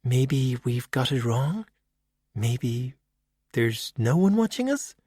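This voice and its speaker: A man's voice: medium pitch, big pitch swings, takes it slowly, darkish tone, breathy edge, no echo, full character voice. A man voicing a sarcastic, impatient young woman in an audiobook, talking in a snappy, sarcastic way. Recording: dry close audiobook recording.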